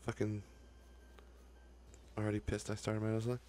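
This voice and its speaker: A man's voice: lowish voice, monotone, moderate pace, a little mellow, slight background noise. A young man narrating his own video game run, cursing the game and talking in a frustrated, profane way. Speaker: gaming YouTuber. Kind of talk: profane Let's Play commentary.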